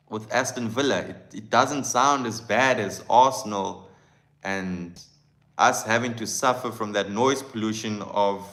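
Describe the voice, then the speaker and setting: A man hosting a live fan stream, with a bright, forceful voice at a middle pitch. He talks with passion in a loose, chatty way and greets viewers by name. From South Africa. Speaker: football channel host.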